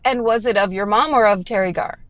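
A woman's voice: mid-range voice, fairly quick. A woman co-hosting a casual chat from inside a car, laughing often as she talks. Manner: giggly, laughs often while talking. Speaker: podcast co-host.

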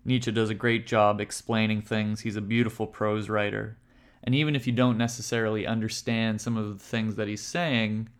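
Man, podcast host, low voice, smooth and clear, earnest friendly intro.

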